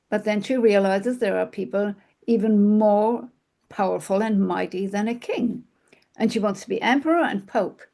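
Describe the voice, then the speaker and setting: A woman telling a fairy tale aloud, in a slow, expressive manner with hushed moments. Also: medium pitch, creaky. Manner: slow, expressive, with soft sighs and hushed passages. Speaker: storyteller. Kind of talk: oral fairy-tale storytelling.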